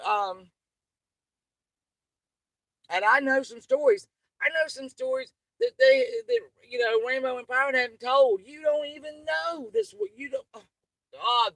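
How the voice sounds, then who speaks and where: A woman's voice: a little high, gravelly, no room sound, low-quality recording. A woman, hosting her channel with an angry, profane, rambling livestream rant. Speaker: channel host.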